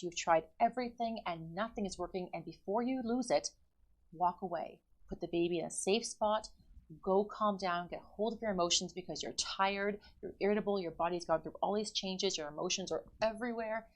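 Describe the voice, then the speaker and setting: Earnest mother with a lower voice. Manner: earnest and emphatic, quick runs of speech. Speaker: mother and parenting co-host.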